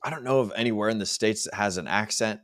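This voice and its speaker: A man's voice: fairly low pitch, fast, fairly bright tone, no echo, studio quality. A man from Washington State hosting a livestream panel chat, with a hyped, loose emcee manner. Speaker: host.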